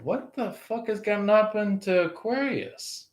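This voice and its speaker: A man voicing a smug, scheming rival lover in a higher, twangy taunting voice. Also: animated, unhurried, roomy sound.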